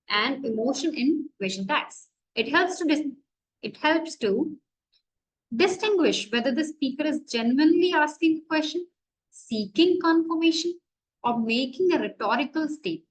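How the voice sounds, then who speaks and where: A woman's voice: high voice, lively intonation, measured pace, rough recording. A woman college lecturer with an Indian English accent, teaching grammar and asking and answering her own questions.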